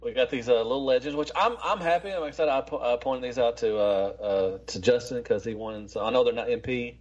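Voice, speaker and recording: A man's voice: medium pitch, a little fast, a little mellow, dull audio. A man hosting a podcast in casual, rambling chat, swearing freely. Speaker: podcast host.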